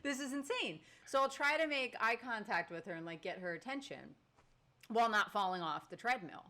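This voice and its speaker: A woman co-hosting a podcast, telling a story in casual chat with animated exasperation. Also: medium pitch, a little fast. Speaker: podcast co-host.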